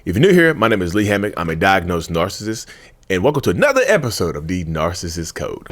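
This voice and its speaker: A man with a deep voice talks straight to the camera, his pitch jumping up and down as he goes. He holds a handheld mic while seated at home, speaking colloquially with folksy asides and repeated phrases. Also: very animated, fast, soft background music. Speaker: YouTube host talking about narcissism. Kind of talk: casual direct-to-camera talk.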